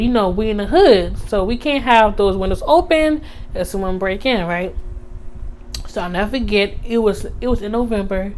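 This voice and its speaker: A young woman, telling a storytime on her vlog in casual chat, animated, with many fillers, acting out the voices of others. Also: on the high side. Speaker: vlogger.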